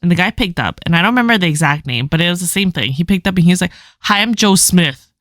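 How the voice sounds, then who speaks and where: A young woman co-hosting a podcast, telling stories in quick, animated casual chat full of "like". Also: on the low side, no echo, studio quality. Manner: fast, animated storytelling with lots of "like". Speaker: podcast co-host.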